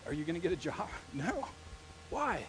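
A middle-aged male pastor preaching a sermon, telling stories and acting out the quotes with lively energy. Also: on the high side, moderate pace, a little hiss or hum, poor audio. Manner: animated storytelling with acted-out quotes.

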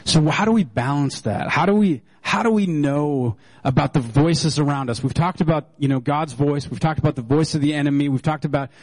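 A man's voice: on the high side, fairly quick, few pauses, a little mellow, no echo, low-quality recording. A male pastor preaching a sermon in a loose, joking storytelling way, with many fillers and restarts.

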